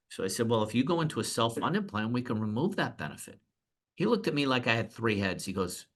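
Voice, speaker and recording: A middle-aged man, an insurance broker telling animated stories as a podcast guest. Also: mid-range voice, fast. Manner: animated anecdotes, acts out quoted clients. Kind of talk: storytelling in a podcast interview.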